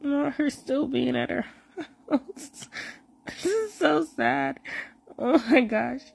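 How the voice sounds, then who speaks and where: High-voiced, gushing woman reacting. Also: expressive, slow pace, creaky, husky. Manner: gushing, exclamatory and emotional, with frequent gasps and laughter. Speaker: reaction vlogger. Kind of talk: watching and reacting to a series episode.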